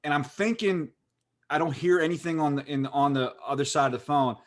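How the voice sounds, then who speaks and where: A man's voice: a little high, a little fast. A man with a Pittsburgh accent, co-hosting a podcast and telling a long, rambling story full of "like" fillers. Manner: rambling, animated, lots of "like" fillers. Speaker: podcast co-host. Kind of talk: casual storytelling chat.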